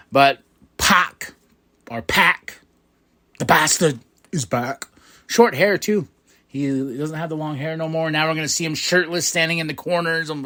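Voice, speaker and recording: A man hosting a podcast, recapping with big energy. His voice is a bit higher than most men's. It jumps from low, quick mutters to loud, excited outbursts, with casual swearing along the way. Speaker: podcast host.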